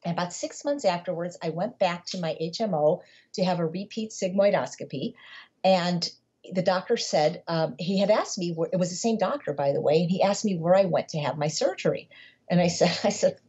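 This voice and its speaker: A woman guests on an interview podcast, telling stories conversationally in a deeply husky, breathy voice with a mellow, dark warmth. She talks fairly quickly and emphatically, circling back on words as she drives a point home, and the audio is dull and lo-fi.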